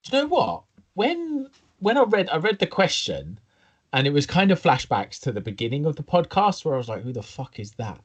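A man co-hosting a podcast, telling stories in a casual, animated, sweary way. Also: a little high, brisk, slightly rough. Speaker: podcast co-host.

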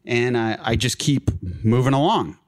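A man's voice: medium pitch, moderate pace. A young man telling a long personal story in a casual chat as a guest, full of fillers like "like" and "uh". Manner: rambling, filler-heavy, laughs through his stories.

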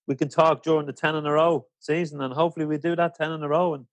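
A man's voice: a little high, level tone, fast talker, dry recording. A man hosting a podcast interview, asking chatty, friendly questions. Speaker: podcast host. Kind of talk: casual interview.

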